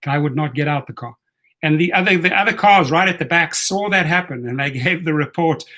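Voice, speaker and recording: A man's voice: fairly high pitch, a little fast, bright, forceful tone. A man telling a story in a casual vlog, blunt, profane and fired up. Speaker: rideshare vlogger.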